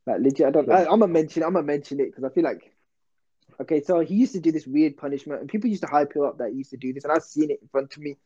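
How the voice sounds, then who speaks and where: Speaking fast, this young podcast host's slightly rough voice is pitched a little high but comes across dark and mellow. He tells his story in slangy, self-interrupting chatter, captured on a dull, lo-fi recording.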